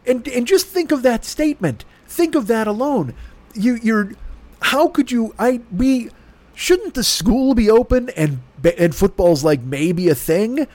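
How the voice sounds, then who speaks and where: A man's voice: very high voice, animated, unhurried, a little mellow. A man hosting a comedy podcast, delivering an exasperated, profane, rambling rant. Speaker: podcast host. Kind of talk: ranting comedy podcast monologue.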